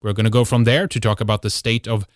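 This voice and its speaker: A man's voice: fairly low pitch, flat delivery, fast talker, no echo, clean studio sound. A man hosting a show, delivering an emphatic monologue full of rhetorical questions and fillers. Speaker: host. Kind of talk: monologue intro to a talk show.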